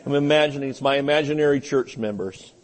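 A man's voice: medium pitch, fast. A male pastor, preaching a sermon in a folksy, joking way and often saying amen.

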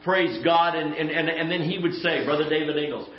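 A man preaching a conversational sermon in a church, folksy and emphatic, with quick asides. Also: fairly high pitch. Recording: echoey church room, dull lo-fi sound.

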